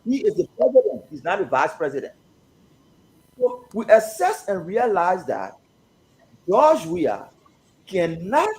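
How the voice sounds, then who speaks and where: A man speaks for his party on a political talk show, laying out its decision in a measured way. His voice is high for a man and swings widely in pitch. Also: darkish tone, rough recording. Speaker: party representative guest. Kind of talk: political statement on a call.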